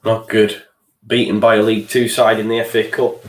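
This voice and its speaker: A young man hosts a live football watchalong, talking through the match in a frustrated voice and now and then swearing. His voice sits low. The sound bounces around an echoey room. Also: flat delivery, moderate pace. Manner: frustrated, swears, reads out viewer chat. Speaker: fan channel host.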